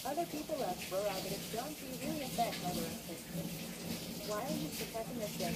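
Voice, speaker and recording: A synthetic woman's voice reading out viewer chat messages in a flat, even way. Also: fairly high pitch, a little fast, heavy background noise.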